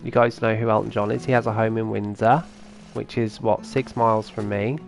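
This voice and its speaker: A man's voice: lowish voice, flat delivery, a little fast, creaky, faint music behind. A man streaming a farming game, chatting casually and answering his viewers' comments as he plays. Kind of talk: casual live-stream chat.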